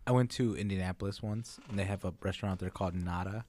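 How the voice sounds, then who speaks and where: A man's voice: deep voice, fast, a little mellow. A man co-hosting a podcast, swearing and stammering through loose stories over beers. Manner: profane, stammering restarts. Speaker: podcast co-host. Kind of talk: casual chat over beers.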